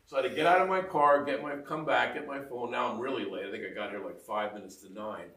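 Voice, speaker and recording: A middle-aged man gives a conversational homily in a roomy church, standing a little off-mic so the echo is noticeable and the microphone sounds distant. His medium-pitched voice is fast and gravelly with a fairly bright tone. Loose and self-mocking, he chats along, full of asides and laughter.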